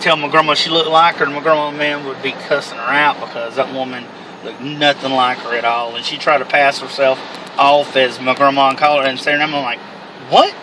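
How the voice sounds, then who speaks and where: A man's voice: medium pitch, little pitch movement, fairly quick, background noise. A man from the American South, rambling in a laid-back casual chat and laughing often while riding in a car at night. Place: inside a car driving at night.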